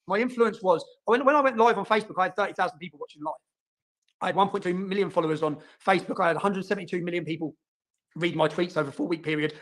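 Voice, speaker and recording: Guy ranting fast, high-ish voice, keeps going yeah?. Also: a bit bright. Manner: fast, emphatic, repeats words. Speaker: interviewee in played clip. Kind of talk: animated personal storytelling.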